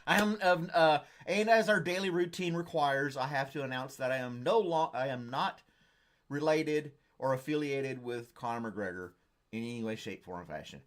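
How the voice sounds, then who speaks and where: A man hosts a casual live stream and chats with viewers. He rambles from joke to joke in a relaxed, offhand way. His voice sits at an ordinary mid pitch. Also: moderate pace. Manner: rambling, jokey, reads viewer comments. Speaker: host.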